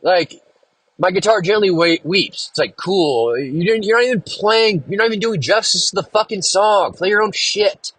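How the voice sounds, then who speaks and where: Guy ranting on his solo podcast, kinda high voice, super dry close sound, swears a ton. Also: animated, normal speed, fairly bright tone, slightly rough, dry recording. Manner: rambling, profane, venting. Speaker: podcast host and musician. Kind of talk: casual solo podcast monologue.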